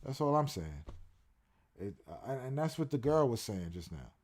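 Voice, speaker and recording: A man's voice: mid-range voice, very animated, moderate pace, a little mellow. A man streaming and ranting casually, profane and repetitive as he reacts. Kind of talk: casual ranting livestream commentary.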